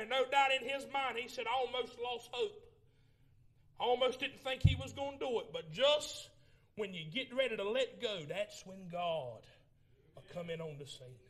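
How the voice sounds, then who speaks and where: A man preaching a Pentecostal sermon in a church, swinging from shouted lines to low murmurs as he tells the story. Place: church sanctuary.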